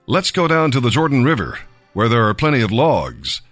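A man's voice: mid-range voice, wildly swooping pitch, normal speed, a bit bright, no room sound, faint music behind. A man voicing a group of eager prophets in a Bible reading.

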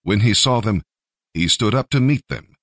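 A man narrating a scripture story with expressive storytelling. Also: lowish voice, moderate pace, dry recording, clean studio sound. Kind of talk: scripture reading.

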